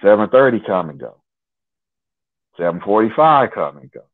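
A man from Nebraska, a guest in an interview, telling a personal story in an unhurried, detailed, conversational way. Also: fairly low pitch, very animated. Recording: tinny phone line.

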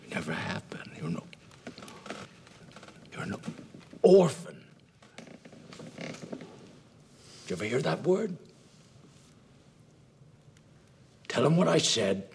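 An actor playing a bitter, ruthless oil-baron father disowning his son, with cold hissing menace that bursts into shouts. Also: medium pitch, very animated, unhurried, creaky, long pauses, full character voice. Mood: venomous. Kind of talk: amateur film scene re-enactment.

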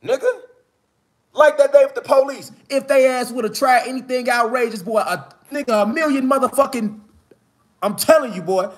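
A man with a strikingly high-pitched voice delivers a fiery, preaching-style monologue in heavy street slang. He talks outdoors in the mountains and climbs from low, steady talk into shouted emphasis. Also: moderate pace. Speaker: online spiritual speaker.

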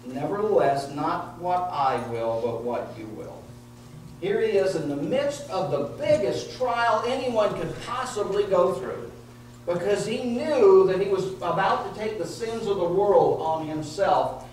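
A man's voice: sits high, animated, unhurried. Man preaching in an echoey church. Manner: earnest, emotional preaching with repeated phrases. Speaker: pastor. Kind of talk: sermon. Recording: echoey room heard from a distance with faint noise.

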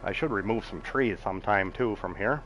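With a lowish voice and a slightly fast pace, a middle-aged game streamer chats with viewers while playing his farming game. He chuckles often and talks to himself about the next thing to do, giving casual commentary as he reads chat. The background is noisy.

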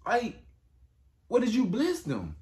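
A man's voice: huge pitch swings, slow, a little mellow, exaggerated voice. A man voicing a desperate young man in a spoken story, pleading with his father in a whiny voice. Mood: pleading upset. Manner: whiny, pleading, high-pitched.

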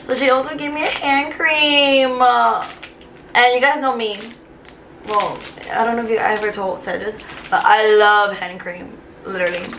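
Young woman vlogger, higher voice, rambling emotional chat with lots of fillers, light noise behind. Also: sharp tone. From Cuba. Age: 20s. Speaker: vlogger, teacher. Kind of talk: casual chat to camera. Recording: faint background noise.

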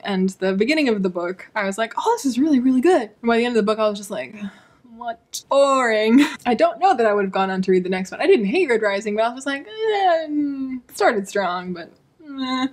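A woman hosting a book channel, talking in a chatty, gushing way in a casual vlog. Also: mid-range voice.

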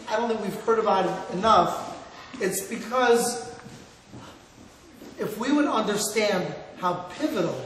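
A middle-aged rabbi from Cleveland giving an earnest sermon, telling stories and mixing in Hebrew and Yiddish words. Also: male voice, high voice. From Cleveland, Ohio, USA. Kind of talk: sermon to a live audience. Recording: echoey hall, mic far off, faint noise.

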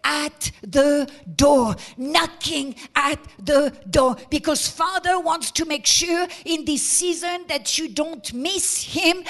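A woman pastor preaching a sermon emphatically, repeating words as she builds to shouted peaks. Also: high-pitched, slow pace, hardly any pauses.

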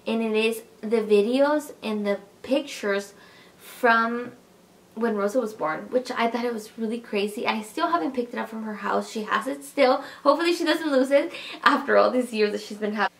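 A woman's voice: a little high, moderate pace, vocal fry. A young woman vlogger telling a personal story to her viewers in a chatty, emotional way, talking to them directly. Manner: chatty and emotional, addresses viewers as "you guys". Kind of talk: casual personal storytelling to camera.

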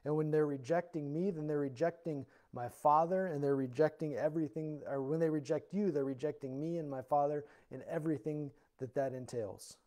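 A man pastor giving a verse-by-verse Bible teaching in church, earnest and explanatory, rising loud when reading scripture aloud. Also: fairly high pitch, steady tone, fairly quick, hardly any pauses.

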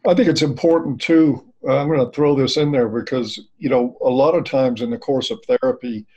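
A man, a therapist, in a casual podcast discussion, measured and chiming in with wry asides. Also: mid-range voice, fairly even intonation, mellow, husky, lo-fi sound.

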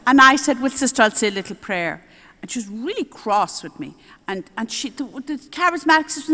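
An older Irish nun preaching at a healing service, telling homely stories in an animated way and acting out the voices of the people in them. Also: female voice, a little high, brisk. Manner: animated, homely storytelling with lively quoted voices. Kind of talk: storytelling sermon. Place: large exhibition hall. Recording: long hall reverb.

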